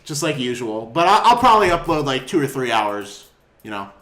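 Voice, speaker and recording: A young man hosting a goofy casual podcast, loud and laughing, swearing and bursting into yells. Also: medium pitch, sing-song, brisk. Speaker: podcast host.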